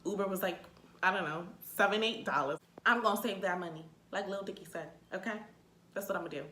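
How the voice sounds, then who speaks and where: A young woman tells a funny story straight to the camera, animated and quick to swear. Her voice is bright and sharp. The sound echoes around the room. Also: medium pitch, slight background noise. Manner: animated, swearing, exasperated outbursts. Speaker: vlogger. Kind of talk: comedic storytime rant.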